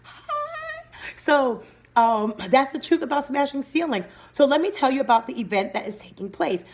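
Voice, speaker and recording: A woman's voice: high voice, brisk. Upbeat woman giving a motivational livestream talk. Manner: energetic, greets viewers by name mid-talk. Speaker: livestream host and motivational speaker. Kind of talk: live-streamed motivational talk.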